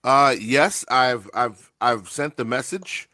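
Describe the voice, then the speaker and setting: A man's voice: medium pitch, takes it slowly, sharp tone, no room sound, studio quality. A man chatting casually on a podcast, telling funny stories with frequent stammered restarts and acted-out quotes. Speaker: guest author.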